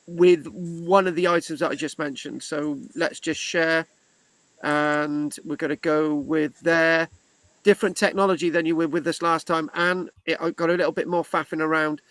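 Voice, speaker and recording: A British man with a high, light voice runs a casual online history class. He talks in a chatty, halting way, restarting his sentences over a video call, and the sound is dry and close. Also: steady tone, a bit bright, no echo. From Britain. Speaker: history class tutor and host.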